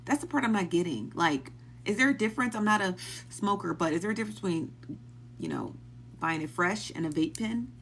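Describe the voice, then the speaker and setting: A woman's voice: medium pitch, very animated, a little fast, a bit bright, a little hiss or hum. A woman hosting a live stream, chatting casually and asking the same baffled questions again and again while thanking viewers as they join.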